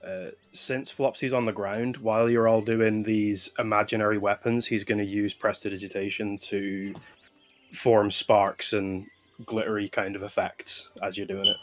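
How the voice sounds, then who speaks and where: Brief: man player, fairly low voice, halting narration. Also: little pitch movement. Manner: hesitant, filler-heavy. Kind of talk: tabletop game play.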